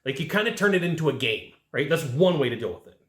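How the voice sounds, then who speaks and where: A man coaching salespeople in an animated way, acting out his customers' lines as he goes. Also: on the high side, quick pace. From California. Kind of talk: energetic coaching monologue. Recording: roomy echo.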